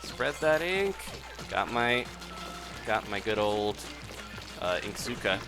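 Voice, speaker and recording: Over background game music, a male streamer chats through live commentary while playing, laughing frequently and reading out viewers' messages. His voice is mid-range and sing-song, at a moderate pace.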